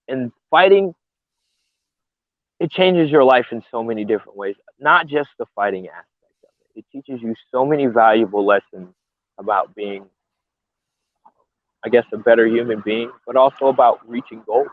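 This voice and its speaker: A man's voice: mid-range voice, moderate pace, long pauses, no room sound. Emotional fighter guy rambling earnestly on a video call, tinny phone sound, dry. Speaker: bare-knuckle fighter and coach. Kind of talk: casual interview.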